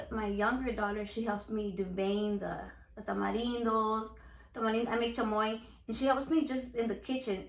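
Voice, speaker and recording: Brash Chicana home cook, echoey kitchen. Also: female voice, on the high side, a bit bright. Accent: Chicano English. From United States, Mexican American. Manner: brash, profane and playful. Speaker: home cook and salsa seller. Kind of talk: casual cooking vlog. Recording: echoey room.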